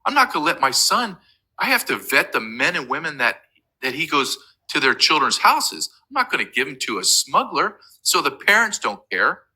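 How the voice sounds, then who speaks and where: A man's voice: fairly high pitch, sing-song, normal speed, pushed and bright, husky, poor audio. A man as an interview guest, talking urgently and emphatically, with frequent restarts. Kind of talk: impassioned remote interview.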